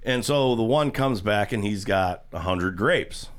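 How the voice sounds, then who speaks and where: A man hosts a radio show, rambling casually and chuckling as he tells a long joke in a chatty way. His voice is fairly low, with lively intonation and an unhurried pace.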